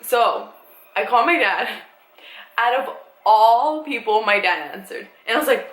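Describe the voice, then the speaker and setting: A young woman vlogger casually telling a story, animated and swearing freely as she acts out what people said. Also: medium pitch, normal speed. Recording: echoey room with faint ambient noise.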